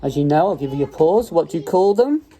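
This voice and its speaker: A man with a Staffordshire Midlands accent teaches English phonics at home, patiently stretching out and repeating vowel sounds. His voice is slightly high, lively, quick and warm, captured in poor quality on a mobile phone propped on the dining table while children are in the room.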